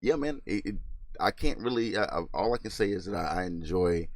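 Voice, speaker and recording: A male reaction-video host giving casual, halting commentary while searching for words. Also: low-pitched, expressive, dry recording.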